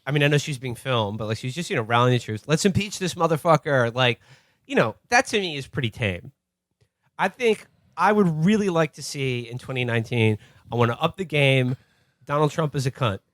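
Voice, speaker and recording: A man's voice: medium pitch, fairly quick, no room sound, clean studio sound. A man co-hosting a podcast, chatting casually about politics in a profane, rambling way full of fillers. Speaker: podcast co-host.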